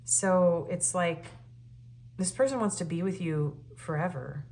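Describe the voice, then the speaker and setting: Woman tarot reader, slightly low voice, earnest and emotional, casual filler-heavy delivery, faint background hum. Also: lively intonation, measured pace, a little mellow. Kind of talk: casual spoken tarot reading.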